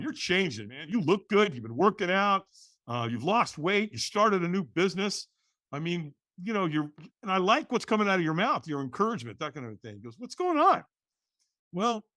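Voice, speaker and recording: A middle-aged man, a podcast guest, telling a personal story in a lively way, acting out the voices in the quotes and often restarting words. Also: a little high, no room sound, clean studio sound.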